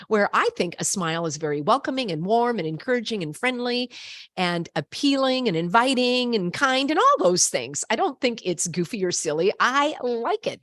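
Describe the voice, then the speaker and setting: A woman's voice: medium pitch, a bit bright, no room sound. An older woman telling a story to camera in an emphatic, indignant way. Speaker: vlogger.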